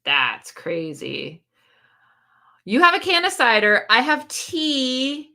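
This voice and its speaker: A woman with a bright, forceful voice hosting a relaxed livestream. She chats loosely, laughs a lot and answers viewer comments as they come in. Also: high voice, slow. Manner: chatty, laughs often, reads viewer comments aloud. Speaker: book channel host. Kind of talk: casual livestream chat.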